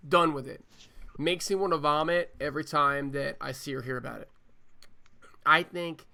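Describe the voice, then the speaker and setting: A man's voice: on the high side, steady tone, unhurried, sharp tone, clear, resonant tone. A man co-hosting a podcast, talking emphatically with repeated words and profanity. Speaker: podcast co-host. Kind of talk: casual podcast chat.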